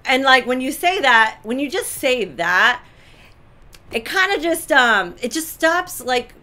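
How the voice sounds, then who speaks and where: A woman co-hosting a talk show, giving relationship advice in an animated, emphatic way with lots of repetition. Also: sits high, unhurried. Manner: animated, emphatic, repeats points. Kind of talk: casual advice chat.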